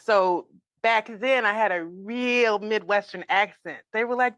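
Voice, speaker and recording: A woman's voice: medium pitch, a little slow, a bit bright, dry recording. A woman from St. Louis hosting a podcast, asking questions in a casual interview. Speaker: podcast host.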